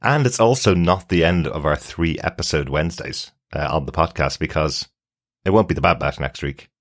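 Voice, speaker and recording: A man's voice: extremely low pitch, normal speed. A man co-hosting a podcast, chatting easily and reading out listener plugs. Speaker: podcast co-host. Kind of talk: casual chat.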